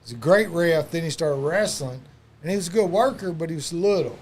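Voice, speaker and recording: A man's voice: on the high side, expressive, fairly quick, a little hiss or hum. A man telling loose, profane wrestling stories in a casual chat, full of fillers and asides. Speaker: wrestling podcast guest.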